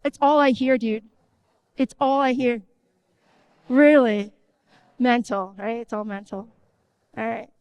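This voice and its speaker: A woman giving an energetic conference talk in a conversational tone, often checking in with the audience. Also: a little high, slow pace, pauses often, smooth, dry recording, muffled recording. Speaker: conference speaker. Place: conference stage.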